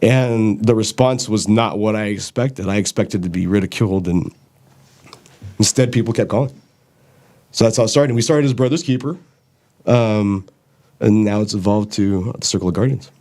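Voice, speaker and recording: A man's voice: lowish voice, moderate pace, darkish tone. A man co-hosting a podcast, recalling plainly and reflectively how things began. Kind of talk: podcast conversation.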